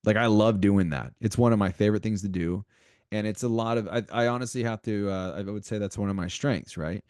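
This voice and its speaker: A man's voice: lowish voice, a little fast, a little mellow, smooth, dry recording, studio quality. A man co-hosting a podcast, talking animatedly in a motivational way, repeating himself and speaking straight to the listeners. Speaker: podcast co-host.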